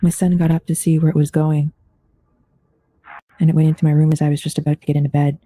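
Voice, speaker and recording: Dark-voiced man reading ghost stories. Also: a little high, level tone, quick pace. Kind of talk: scripted true-story narration.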